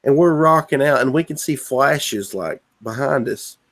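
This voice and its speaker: A man's voice: mid-range voice, lively intonation, measured pace, fairly bright tone. Southern male stream host, Tennessee drawl, dry laid-back storyteller. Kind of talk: casual chat on a live stream.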